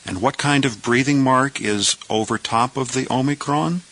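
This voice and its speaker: A man teaching Greek letters, who asks questions and answers them himself in a slow, step-by-step lesson. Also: medium pitch, a bit bright, rough recording.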